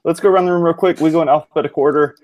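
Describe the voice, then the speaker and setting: A man's voice: on the high side, fairly even intonation, very fast, a little mellow, poor audio. Upbeat male podcast host. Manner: upbeat, loose, with many fillers. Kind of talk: casual podcast chat.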